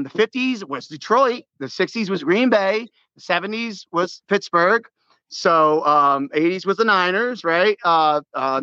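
A man telling a sports story in casual chat, excitable and full of restarts, acting out his own shouts. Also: high voice, dry recording, lo-fi sound. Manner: many restarts and repeated words.

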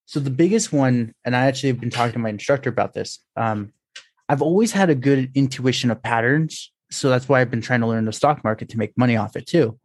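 A man hosting a podcast, talking in a hesitant, halting way with many pauses and restarts. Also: mid-range voice. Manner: hesitant, many fillers and restarts, self-described introvert. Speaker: podcast host. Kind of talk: casual podcast conversation.

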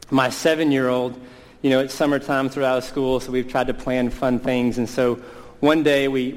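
Preaching man in a reverberant hall. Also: mid-range voice. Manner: earnest, slows down for emphasis on key words. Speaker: pastor. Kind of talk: sermon.

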